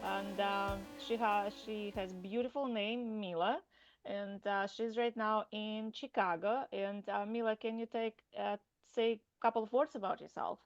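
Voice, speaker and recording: Gravelly-voiced woman hosting a podcast. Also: medium pitch, fairly even intonation, unhurried, no room sound, soft background music. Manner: hesitant, many fillers, non-native phrasing. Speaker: podcast host. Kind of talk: casual podcast chat.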